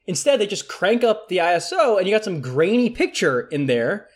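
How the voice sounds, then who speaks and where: A man's voice: sits high, very animated, normal speed. A man playing along in a comic chat, mock-serious and earnest, with many "like"s and restarts. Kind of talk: deadpan comedic chat.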